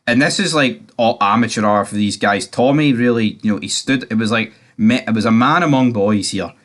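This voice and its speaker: A man talks through a TV episode in a loose, off-the-cuff recap. His voice sits a little on the low side, and he rambles with plenty of fillers and casual swearing. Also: fairly quick, a bit bright.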